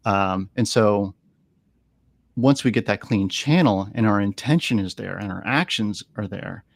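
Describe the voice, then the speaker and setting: Speaking at a measured pace in a lowish, gravelly voice with no echo, a man tells stories as an animal communicator guest on a podcast. He's earnest in the studio interview and frequently repeats words while gathering his thoughts.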